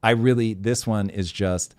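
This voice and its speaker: A man's voice: lowish voice, steady tone, measured pace, darkish tone, no echo. A man hosting a live talk show, chatting bluntly and animatedly, swearing freely. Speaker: host. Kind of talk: casual live show chat.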